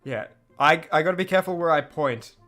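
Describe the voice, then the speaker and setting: A man's voice: on the high side, lively intonation, a little fast, pushed and bright, soft background music. A man streaming a dating game, reacting with exasperated, sarcastic commentary and laughing asides.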